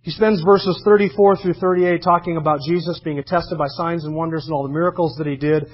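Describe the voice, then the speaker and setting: High-pitched husky preacher man. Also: steady tone, fairly quick. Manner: emphatic, reads scripture aloud and comments between verses. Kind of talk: expository sermon. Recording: dull lo-fi sermon recording.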